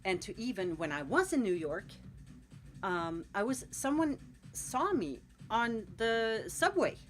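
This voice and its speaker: A woman's voice: fairly high pitch, big pitch swings, measured pace, faint music behind. A Scandinavian woman in her forties, a tattoo artist chatting with viewers on a late-night live stream while painting at home. She rambles and encourages, with lots of "like.". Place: at home in a cold room, painting.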